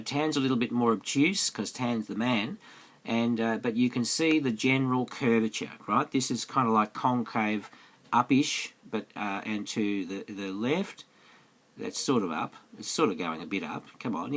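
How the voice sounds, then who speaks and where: A man's voice: lowish voice, fairly bright tone. A man teaching maths in a screencast lesson, chatty and coaxing, throwing many questions at the viewer. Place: indoors, voice-over on a tablet screencast.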